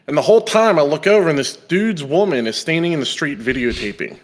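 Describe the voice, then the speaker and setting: A man's voice: fairly high pitch, fairly quick, a loud crowd. A young man and podcast host telling a story in a casual chat, acting out the people he quotes. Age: young adult. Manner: animated storyteller, acts out quoted voices.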